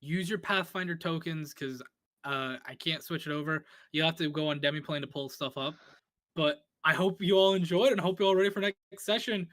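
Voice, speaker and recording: A man narrating as game master of an online tabletop game, animated and quick to act out sound effects. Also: a little high.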